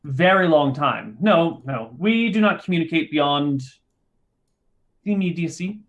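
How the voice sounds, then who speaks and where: A man's voice: fairly high pitch, lively intonation, a little slow, phone-quality sound. A man voicing a tiny male forest gnome who talks in a fussy, haughty way. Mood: dismissive.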